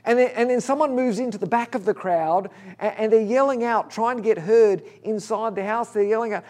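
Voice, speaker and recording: High-voiced man preaching. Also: brisk, few pauses. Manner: conversational, animated storytelling with restarts. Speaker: pastor. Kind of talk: sermon.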